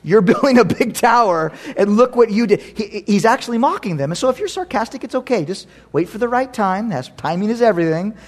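A man with a fairly high voice preaching a sermon. He talks in an animated way and slips into sarcastic little acted voices for the people in his story. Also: a little fast, hardly any pauses. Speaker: pastor.

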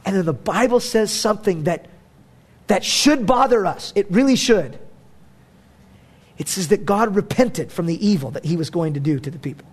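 A man's voice: sits high, animated, moderate pace, husky. A man preaching a sermon as a pastor, conversational and emphatic, with casual fillers.

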